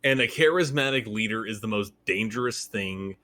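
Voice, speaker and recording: A man co-hosting a podcast, chatting casually in an animated way and swearing freely. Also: fairly low pitch, normal speed. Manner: animated and profane. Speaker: podcast co-host. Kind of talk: casual chat.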